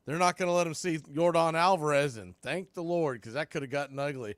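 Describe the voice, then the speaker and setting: A man calling live baseball play-by-play on a studio mic, with excitable calls and chatty asides. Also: on the high side, fairly quick, dry recording. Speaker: play-by-play announcer.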